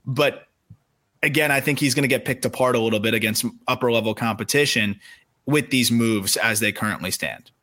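A man co-hosting a podcast, analyzing players in casual, quick talk with frequent restarts. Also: medium pitch, pushed and bright. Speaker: podcast co-host, prospect analyst.

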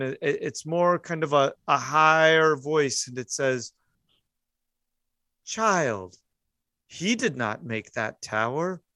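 A man's voice: on the high side, sharp tone, no echo, clean studio sound. A man narrating a tabletop horror game as game master, hesitant, with many fillers and restarts.

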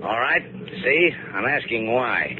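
Tough sardonic skipper, dry defiant, old radio play, tinny narrow sound, faint hiss. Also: male voice, mid-range voice, big pitch swings, slow. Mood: sardonic defiance. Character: tough, sardonic male boat owner. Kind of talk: 1950s radio drama acting. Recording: scratchy old radio broadcast, narrow band.

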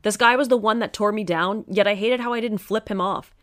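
A woman's voice: mid-range voice, a little fast, fairly bright tone, no echo, studio quality. A woman narrating a first-person story in an earnest, emotional storytelling manner.

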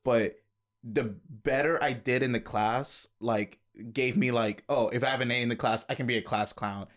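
A man's voice: mid-range voice, steady tone, moderate pace, a bit bright. A young man in casual chat, telling school stories in a laid-back way with lots of fillers.

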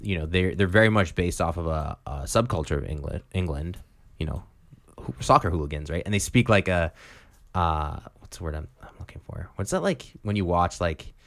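A man with a very low voice co-hosts a casual podcast. He rambles and thinks aloud with lots of fillers. The mic is close and dry. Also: lively intonation, brisk, a bit bright, no echo. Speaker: podcast co-host. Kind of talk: casual chat.

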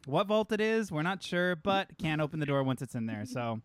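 A man's voice: on the high side, sing-song, fairly quick, clean tone, dry recording. Chatty, laughing male podcast co-host. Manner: chatty, self-mocking, laughs often. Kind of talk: casual chat.

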